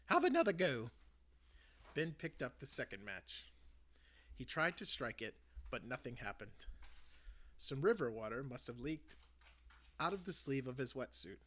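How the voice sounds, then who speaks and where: A man hosting his channel, reading a children's book aloud with an expressive delivery. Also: medium pitch, unhurried, pauses often. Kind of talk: storybook read-aloud.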